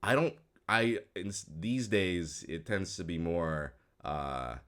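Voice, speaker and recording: A man's voice: sits low, lively intonation, takes it slowly, a bit bright. A man who works as a voice actor, reacting casually to an old video of himself. He rambles frankly with lots of fillers, restarts and dry, self-mocking remarks. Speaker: voice actor and host.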